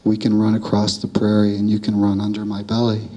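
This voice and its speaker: A man voicing an old, sick male buffalo who speaks slowly and plainly in a traditional animal tale. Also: fairly low pitch, monotone, mellow, dull audio, natural voice. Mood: steady.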